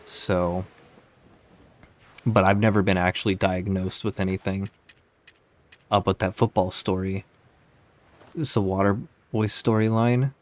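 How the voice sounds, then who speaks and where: A man with a somewhat low voice talks straight into a home desk mic. He tells stories to his live chat in a loose, rambling way. He swears freely and laughs at his own stories. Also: fairly even intonation, a little slow, long pauses. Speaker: streamer. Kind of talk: casual storytelling to live chat.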